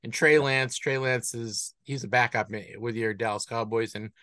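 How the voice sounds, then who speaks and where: A man with a Boston accent co-hosting a casual podcast, animated, with frequent restarts. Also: mid-range voice, moderate pace, no echo. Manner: animated, stumbling restarts, laughs easily. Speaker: podcast co-host. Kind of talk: casual chat.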